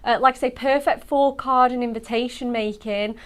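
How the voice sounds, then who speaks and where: A woman presenting on a craft TV show gushes over products, bubbly and effusive, with lots of gasps and cries of "so cute". Her voice is on the high side, steady, at a normal speed.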